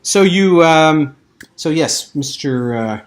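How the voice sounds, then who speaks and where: A man narrating a tabletop role-playing game as game master, halting and full of fillers as he checks his notes. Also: on the high side, lively intonation, heavy background noise.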